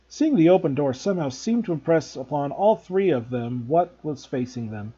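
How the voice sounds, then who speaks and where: A male teacher reads a children's novel aloud with a husky, mellow voice and a lively, expressive lilt. His pitch sits a little high. The recording is dull and lo-fi. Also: moderate pace, few pauses. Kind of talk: storybook read-aloud narration.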